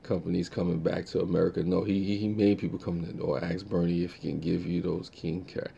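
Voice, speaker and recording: A man's voice: deep voice, flat delivery, fast talker, vocal fry, mellow, a little hiss or hum. A man hosting a live stream, chatting casually and reacting to viewer comments in a laid-back way.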